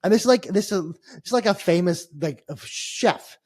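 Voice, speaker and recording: A man tells a long-winded travel story on a casual podcast. He rambles and restarts, wry and a little exasperated, and his voice sits a bit high for a man. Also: animated, moderate pace, no room sound, clean studio sound. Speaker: podcast co-host. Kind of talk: casual chat.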